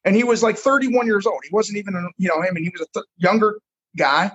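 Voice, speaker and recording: A man's voice: high voice, fast talker, fairly bright tone, breathy edge, highs cut off. A middle-aged man, a football coach, telling his own life story frankly and earnestly in a conversation. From United States. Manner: earnest, frank storyteller who repeats words as he goes.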